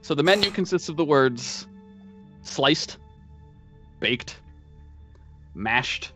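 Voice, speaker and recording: Bright, lively man running a tabletop game. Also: a little high, slow pace, faint music behind. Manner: lively, playful narration with voice switches. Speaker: game master.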